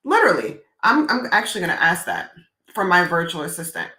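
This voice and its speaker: Brief: upbeat woman webinar presenter, bright forceful voice, direct and conversational, echoey room. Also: fairly low pitch, a little fast. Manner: direct, energetic, conversational with "y'all" and "right?". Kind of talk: live webinar demo.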